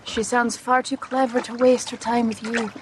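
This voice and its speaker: A woman's voice: fairly high pitch, little pitch movement, normal speed, background noise, natural voice. An actress playing a scornful female warrior with a Scottish accent, trading tart, mocking retorts in a film scene. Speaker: film character.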